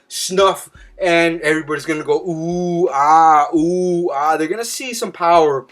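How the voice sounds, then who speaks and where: A man's voice: medium pitch, fairly bright tone. A young man giving casual boxing predictions, rambling and swearing a lot, his voice jumping up when he gets worked up. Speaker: boxing commentator making fight predictions. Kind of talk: casual profane monologue.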